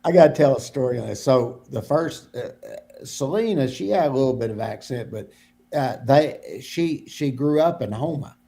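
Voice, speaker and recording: A man's voice: medium pitch, lively intonation, moderate pace, vocal fry, mellow. A man co-hosting a podcast, telling stories in a rambling, repetitive way. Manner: rambling storyteller, repeats himself. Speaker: podcast co-host. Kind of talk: casual podcast chat.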